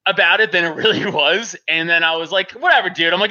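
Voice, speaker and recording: Bright, laughing, foul-mouthed male storyteller. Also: high-pitched, fast talker, dull audio. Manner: laughs often, swears freely, animated. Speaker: podcast co-host telling a story. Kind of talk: casual profane storytelling.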